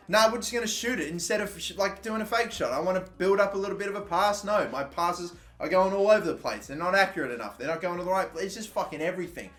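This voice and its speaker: A young man from Australia commentating his own football video game, swearing constantly and erupting into shouts when a play goes wrong. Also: high-pitched. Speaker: gaming YouTuber. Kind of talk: live gameplay commentary.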